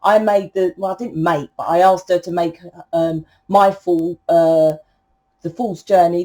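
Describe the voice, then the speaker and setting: A woman's voice: lowish voice, a little mellow. Blunt, swearing woman tarot reader. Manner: blunt, swearing, preachy, emphatic. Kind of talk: collective tarot reading.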